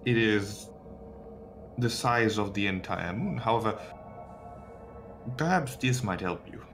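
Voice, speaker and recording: A man's voice: on the low side, expressive, over music. A man playing a wary woman captive. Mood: guarded. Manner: measured, cautious, wary. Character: guarded calculating woman captive.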